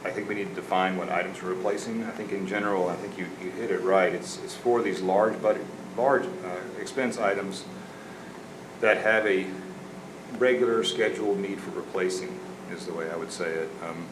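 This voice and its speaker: Deep-voiced council member. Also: male voice, fairly even intonation, normal speed. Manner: thinking aloud, repeats words and restarts. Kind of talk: council discussion. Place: council chamber. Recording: echoey chamber, background noise.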